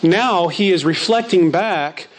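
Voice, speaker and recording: A man's voice: high-pitched, slow pace, slight background noise. A man preaching a sermon who reads scripture verses aloud and repeats phrases for emphasis.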